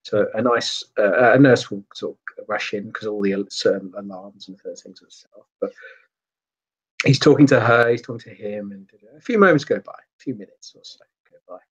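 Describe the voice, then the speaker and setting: Man, game master, halting narration, husky voice, dull lo-fi sound. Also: fairly low pitch, animated. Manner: halting, searching for words.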